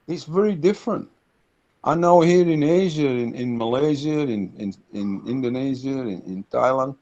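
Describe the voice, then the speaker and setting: A man's voice: fairly high pitch, creaky, darkish tone. A middle-aged man, a consultant, talking casually in an interview, telling anecdotes and often repeating words as he searches for them. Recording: dull lo-fi recording.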